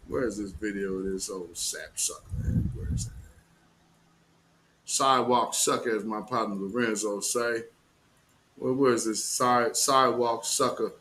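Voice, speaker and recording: A man's voice: mid-range voice, a little slow, pushed and bright, a little hiss or hum, rough recording. A man hosting a live news commentary stream, heated and mocking, with slangy, profane talk.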